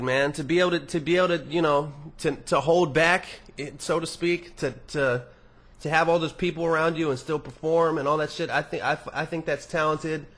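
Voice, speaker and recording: A man's voice: a little high, fairly bright tone. Young dude on his podcast, reading emails and rambling, cussing a lot, lots of false starts. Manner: rambling and profane, with many restarts. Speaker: podcast host answering listener emails. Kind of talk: casual podcast monologue.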